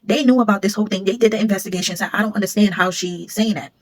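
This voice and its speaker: A woman, a former security supervisor, casually telling a storytime vlog and acting out what others said. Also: mid-range voice. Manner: rapid, animated retelling, acting out what others said.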